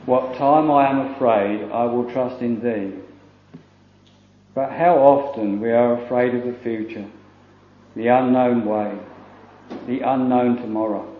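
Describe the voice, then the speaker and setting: A man's voice: mid-range voice, steady tone, phone-quality sound. Man preaching a solemn sermon, echoey. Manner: solemn, measured preaching with King James quotations.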